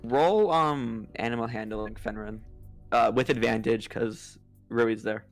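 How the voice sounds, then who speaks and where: A young man narrating as dungeon master, halting with many fillers and restarts. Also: mid-range voice, faint music behind. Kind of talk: narrating a tabletop game over a voice call.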